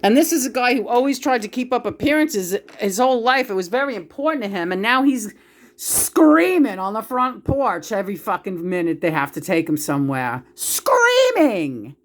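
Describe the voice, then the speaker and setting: A woman's voice: mid-range voice, lively intonation, fairly quick. Woman vlogger, casual profane rant. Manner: profane, emotional ranting. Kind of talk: casual monologue.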